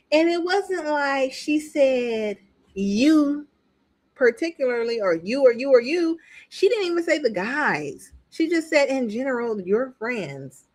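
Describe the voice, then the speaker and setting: A woman's voice: sits high, takes it slowly. A woman reviewing a reality TV show in casual commentary. She speaks bluntly, swears freely and acts out what the cast said. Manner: animated, acts out what others said.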